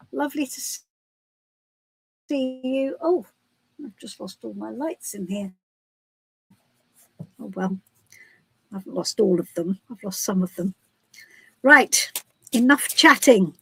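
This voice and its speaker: A woman's voice: on the high side, lively intonation, slow pace, long pauses, sharp tone, husky, no echo. A British woman hosting a live tarot stream, chatting casually in a rambling, giggly way. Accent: British English. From Britain.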